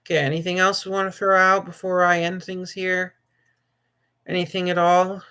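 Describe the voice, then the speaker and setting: A man's voice: sits high, little pitch movement, moderate pace, pushed and bright, clear, resonant tone. A man hosting a casual livestream, talking in a rambling, jokey way, often laughing and restarting. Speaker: livestream host.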